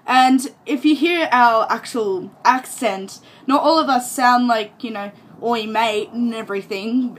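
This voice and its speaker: Speaking a little high, with a slight hiss or hum in the audio, this young vlogger from Australia talks to camera in her Australian accent. She's chatty and rambling, amused by herself and laughing along.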